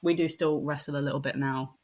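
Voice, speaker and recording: A woman's voice: low voice, steady tone, moderate pace, fairly bright tone. A woman in her twenties with an English accent, a friendly podcast guest who laughs easily. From England. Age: 20s. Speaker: guest wrestling fan. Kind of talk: casual interview.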